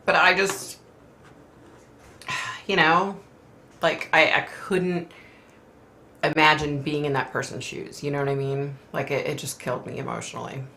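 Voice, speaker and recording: A woman's voice: deep voice, steady tone, measured pace, gravelly, pauses often, sharp tone, slight background noise. A middle-aged woman hosting a casual live stream, talking in an emotional, rambling way with sighs and fillers. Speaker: host reading viewer comments.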